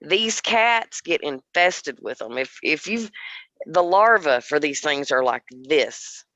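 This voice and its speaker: A woman co-hosting a casual podcast chat, animated and laughing often, with restarts as she thinks aloud. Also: sits low, takes it slowly, no room sound, muffled recording. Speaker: podcast co-host.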